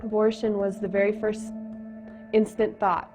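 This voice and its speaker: A young woman giving a personal testimony, speaking in a halting, emotional way with pauses and restarts. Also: medium pitch, little pitch movement. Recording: dull lo-fi sound with faint music.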